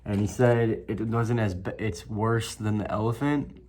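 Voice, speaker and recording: A man's voice: lowish voice, fairly even intonation, measured pace, a little mellow. Profane rambling man reviewing to camera. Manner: profane, rambling, laughs often. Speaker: snuff reviewer, channel host. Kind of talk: casual vlog review to camera.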